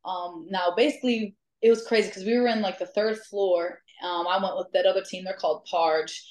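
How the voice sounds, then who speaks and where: A woman guest telling ghost-hunting stories in casual chat, lively, laughing often and filling pauses with "um". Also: mid-range voice. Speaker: guest, amateur ghost hunter. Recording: echoey room.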